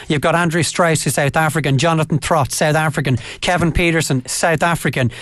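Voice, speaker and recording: An Irish man giving a live radio sports report, excited and quick. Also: fairly high pitch, no echo. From Ireland.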